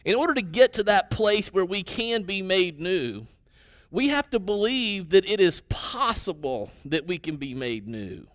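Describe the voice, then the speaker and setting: A man's voice: high voice, fairly bright tone, no room sound, studio quality. A man preaching a sermon as pastor, in a conversational way that often quotes his listeners and checks in with a "right?". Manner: conversational preaching, tag questions, quoting listeners in their voices.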